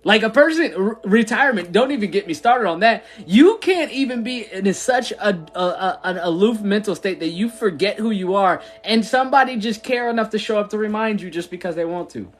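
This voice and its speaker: High-voiced man, laughing casual chat. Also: expressive, fairly quick, hardly any pauses. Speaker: church founder. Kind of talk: casual livestream chat, answering viewers.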